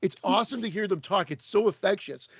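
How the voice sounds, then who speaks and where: A man's voice: sits high, fast, slightly rough, dry recording, muffled recording. A Canadian man co-hosting a podcast in casual chat, rambling with many restarts and stammers. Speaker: podcast co-host.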